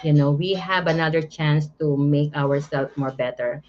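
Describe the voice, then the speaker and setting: Shy Filipino-accented woman, halting English, low voice, muffled lo-fi audio. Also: fairly even intonation, a little mellow. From Philippines. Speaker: guest giving a testimony.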